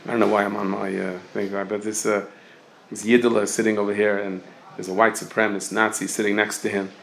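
His voice is fairly low with some vocal fry, and he talks fairly quickly. Teaching a casual Torah class, this man spins lively stories and jokes peppered with Yiddish and Hebrew words.

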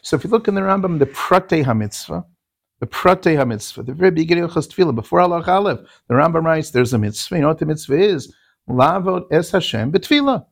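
Man, Torah teacher, gravelly, fairly high voice, dry close sound, repeats key terms. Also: animated, fast, dry recording. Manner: repeats key terms, asks rhetorical questions. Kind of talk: Talmudic lecture.

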